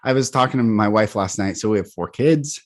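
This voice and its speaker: Male guest, 30s, video call; lively storyteller, slightly low voice, laughs and acts out quotes. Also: brisk. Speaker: guest, healing coach. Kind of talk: casual conversation.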